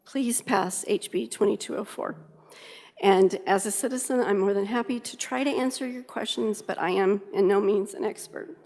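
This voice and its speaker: Nervous gravelly-voiced woman testifying. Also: medium pitch, darkish tone. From Kansas. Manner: earnest, halting with frequent ums. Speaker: citizen testifying at a legislative hearing. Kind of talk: public testimony. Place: large legislative hearing room. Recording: reverberant hearing room audio.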